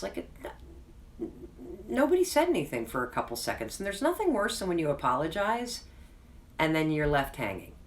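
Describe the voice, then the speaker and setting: A woman's voice: low-pitched, a bit bright, recorded from a distance, a little hiss or hum. A woman hosting her own video, telling a personal story in a frank, chatty, self-deprecating way and closing with an earnest, reassuring pep talk. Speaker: host. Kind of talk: candid personal storytelling to camera.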